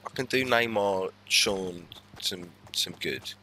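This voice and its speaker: A man's voice: low-pitched, takes it slowly, very noisy. A young man swearing and muttering as he gives casual commentary on his own gameplay. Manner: swearing, slangy, mutters under his breath. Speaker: gaming YouTuber.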